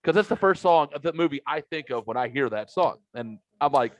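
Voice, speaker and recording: Profane storytelling man, slightly high voice. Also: brisk, no room sound. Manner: profane, animated, laughing at his own stories. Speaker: podcast host. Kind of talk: casual storytelling chat. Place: home basement man cave. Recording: slightly muffled, dry recording.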